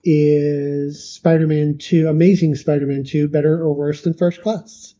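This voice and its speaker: A man's voice: a little high, level tone, a little slow, warm tone, muffled recording. A man co-hosting a podcast in casual chat, blunt and wry, steering the talk. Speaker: podcast co-host.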